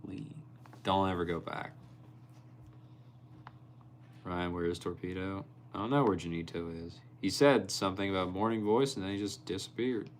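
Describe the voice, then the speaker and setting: A young man with a low voice, hosting a casual live stream. He reads out his viewers' comments and answers them by name, and sometimes gets animated while telling a story. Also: a little fast, slight background noise. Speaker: livestreamer reading chat.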